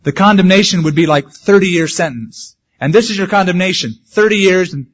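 A man's voice: high-pitched, a little fast. A male pastor preaching a sermon in a conversational way, with humorous asides. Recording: dull lo-fi sermon recording.

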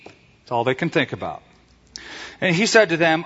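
A man preaching a sermon as a pastor, telling stories in an animated way and acting out the voices he quotes, recorded in a church sanctuary. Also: medium pitch, a little fast, pauses often. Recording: reverberant hall, dull lo-fi sound.

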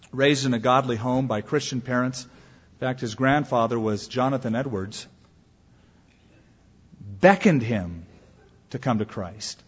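Husky-voiced man preaching in a reverberant hall. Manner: earnest preaching with wide swings in pitch and volume. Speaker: pastor. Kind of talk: sermon. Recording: long hall reverb, dull lo-fi sound.

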